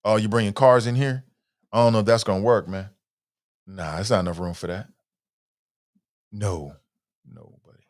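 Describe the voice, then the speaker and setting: A man's voice: lowish voice, steady tone, normal speed, pauses often, no echo, studio quality. A man hosting a talk show in a casual livestream commentary style, reading viewer comments aloud and often starting with "uh", then stressing words as he argues his points.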